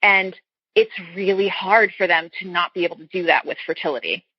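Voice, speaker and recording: A woman's voice: lowish voice, brisk, no echo. A woman guest on a talk show, a fertility coach, speaking earnestly in a casual interview and explaining things through everyday analogies. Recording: dull, lo-fi sound.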